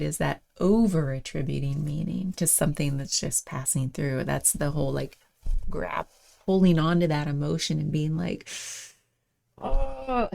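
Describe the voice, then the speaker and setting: A woman hosting a daily reflection show, thinking aloud in a casual, meandering way with many fillers and soft laughs. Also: sits low, gravelly.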